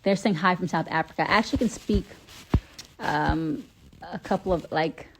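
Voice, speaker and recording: A woman's voice: fairly low pitch, moderate pace, creaky, slight background noise. A woman from Atlanta, Georgia, chatting casually and playfully on a live stream from her phone, with lots of filler ums.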